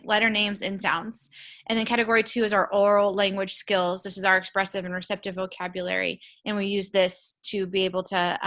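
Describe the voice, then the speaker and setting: Bright-voiced woman giving a casual lecture. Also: medium pitch. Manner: casual, chatty asides with frequent fillers. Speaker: college instructor. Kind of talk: recorded lecture with shared screen.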